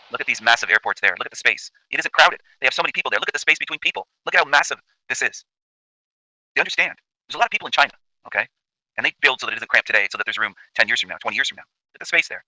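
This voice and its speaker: A man from Canada rants at a breakneck pace, cursing and circling back to the same points again and again. His tone is bright and sharp, and he sounds dry and close to the mic. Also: medium pitch, expressive, quick pace, long pauses, dry recording, rough recording. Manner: emphatic, profane, repetitive. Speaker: channel host. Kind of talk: ranting commentary over video.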